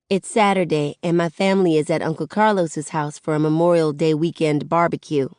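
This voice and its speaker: A woman's voice: low-pitched, darkish tone, no room sound, clean studio sound. A woman narrating a first-person audiobook in a conversational storytelling way. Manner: conversational teen-voiced storytelling.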